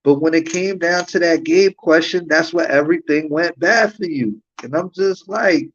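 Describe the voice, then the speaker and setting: A livestream host rants heatedly and profanely, firing off one rhetorical question after another. His voice sits on the high side and moves at a moderate pace with hardly any pauses. The stream audio is dull and lo-fi.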